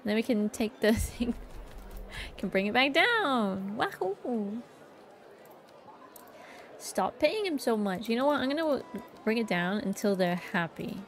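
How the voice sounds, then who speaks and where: A woman's voice: fairly high pitch, sing-song, normal speed, slight background noise. A woman streaming a game, chatting casually to herself in a playful, jokingly bossy way. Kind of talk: casual gameplay commentary.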